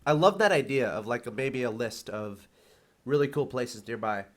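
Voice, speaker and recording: A man's voice: medium pitch, expressive, moderate pace. Host, male, nasal from a cold, restarts sentences, casual chat. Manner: stammering, repeats words at starts. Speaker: host and caster.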